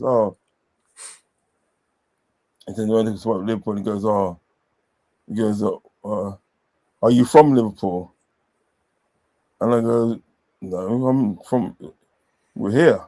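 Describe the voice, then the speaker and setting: A man's voice: mid-range voice, a little mellow. A man telling rambling, sweary football stories in a casual chat, repeating filler phrases. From southern England.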